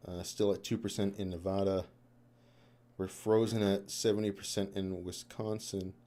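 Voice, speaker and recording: A young man with a low, mellow voice chats loosely on a live stream. He rambles, swears freely and laughs between thoughts. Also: flat delivery, moderate pace. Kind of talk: casual live-stream chat. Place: home room.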